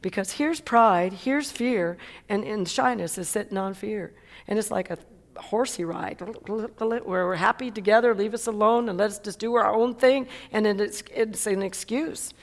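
A woman's voice: mid-range voice, normal speed. Woman preaching in a reverberant hall. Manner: emphatic, repeats phrases, frequent "Amen?". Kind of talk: sermon.

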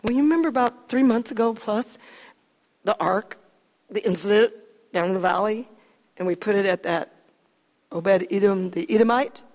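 A woman preacher voicing an eager male servant delivering news in a lowered voice, in a reverberant hall. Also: moderate pace, pauses often, a little mellow, lightly acted. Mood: urgent.

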